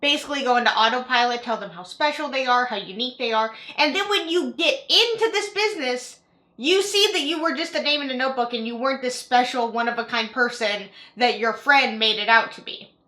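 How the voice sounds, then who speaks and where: Young woman reacting on her channel, real high voice, super chatty, says like constantly. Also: fairly quick, bright, forceful tone. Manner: chatty, filler-heavy with frequent "like", repeats herself. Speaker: YouTube commentator. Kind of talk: casual reaction commentary.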